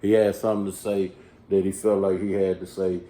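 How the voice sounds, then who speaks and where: A man in casual podcast chat, animated and mocking, swearing and laughing often. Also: sits low, a little fast. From Texas. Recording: echoey room.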